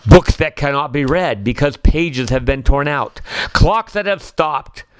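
A man's voice: a little high, expressive, a little slow, clear, resonant tone, no echo. A man voicing a wistful little storybook owl. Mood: mournful. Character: gentle, sentimental male owl, alone at home. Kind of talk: storybook reading.

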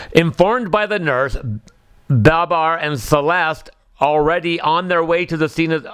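A man reads a children's picture story aloud, calm and expressive. His voice is smooth and clear, a little higher than most men's. The sound is close and dry. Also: no room sound. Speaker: storybook narrator. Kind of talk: scripted children's story narration.

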